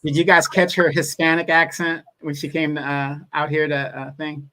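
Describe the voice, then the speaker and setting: A man's voice: fairly high pitch, level tone, moderate pace, sharp tone. A man speaking as a guest on a live online talk show, emphatic and building his points through repetition. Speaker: guest commentator. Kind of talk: casual political talk.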